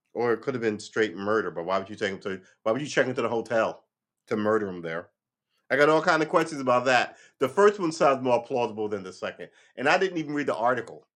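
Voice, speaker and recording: A man's voice: on the low side, a bit bright. A man reads news headlines aloud on a casual live stream and adds sarcastic, offhand comments as he thinks aloud.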